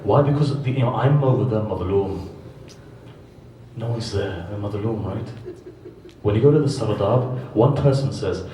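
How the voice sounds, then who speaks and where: A man's voice: lowish voice, measured pace, long pauses, dark tone, slight background noise. Impassioned man preaching in an echoey hall. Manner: impassioned storytelling with rhetorical questions and repetition. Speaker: preacher at a mourning gathering. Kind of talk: sermon. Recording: echoey distant hall recording.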